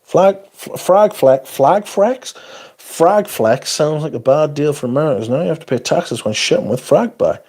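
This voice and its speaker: Husky, lively man ranting casually. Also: fairly high pitch, moderate pace. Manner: blunt, profane and sarcastic. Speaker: livestream host. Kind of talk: casual livestream chat reading comments.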